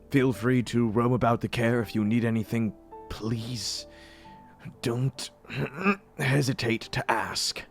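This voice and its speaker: Brief: a man playing a smug scheming lord, low and measured, overly courteous in a tabletop game. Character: smug scheming male lord, coldly polite.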